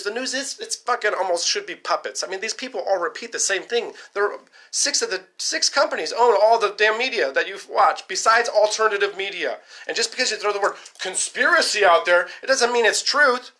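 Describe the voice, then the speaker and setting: A fast-talking man ranting to camera in a rambling, profane vlog. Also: high-pitched, pushed and bright. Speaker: vlogger. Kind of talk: casual rant to camera.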